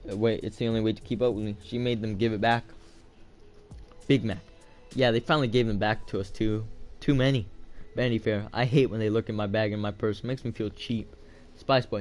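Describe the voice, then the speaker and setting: A man's voice: fairly low pitch, a little mellow. A man reading a novel aloud for homework, casual and loose, stopping to add his own comments. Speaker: reader of a novel.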